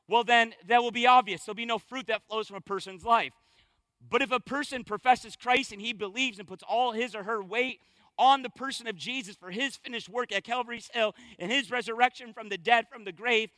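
A man's voice: very high voice, pushed and bright, no room sound, poor audio. A pastor preaching a sermon to his congregation, with emphatic, punchy stresses.

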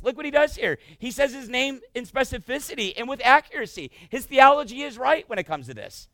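A male pastor preaching a sermon, emphatic and swinging between loud bursts and hushed passages. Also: very high-pitched, big pitch swings, brisk, few pauses, no echo.

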